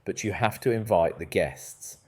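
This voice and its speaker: Man reading a composed woman gardener, deep and flat, firm and matter-of-fact. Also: moderate pace, breathy edge.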